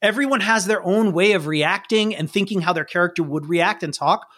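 A man's voice: sits high, fairly quick, a bit bright. A man running a tabletop role-playing game as game master, chatting casually and laughing often. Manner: casual, laughing, restarts mid-sentence.

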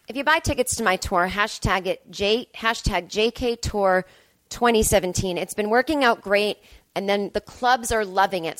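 A woman's voice: medium pitch, no room sound. A young adult woman comedian hosting her podcast, telling a rambling, self-deprecating story full of fillers. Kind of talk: casual podcast monologue.

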